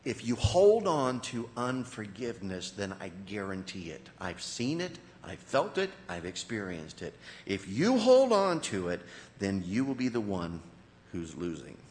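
A man preaching a sermon as pastor, in an animated way with sudden rises and drops in his voice. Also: fairly low pitch, unhurried, long reverb tail.

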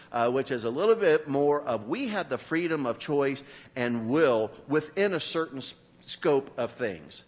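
Lively, joking male pastor preaching. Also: a little high, in a large hall. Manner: animated, joking, talks to the congregation. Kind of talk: sermon. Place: church.

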